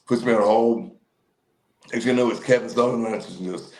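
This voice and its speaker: In a rough recording, a medium-pitched, slightly mellow voice moves along fairly quickly as a fifties-aged ex-pro wrestler swaps stories as an interview guest. He rambles, restarts, and uses fillers, livening up his voice when imitating the people he quotes.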